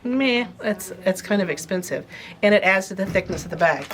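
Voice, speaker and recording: A woman's voice: mid-range voice, lively intonation, fairly quick, a bit bright. A woman giving a casual sewing demonstration, chatting as she explains each step while she handles the materials. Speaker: sewing instructor.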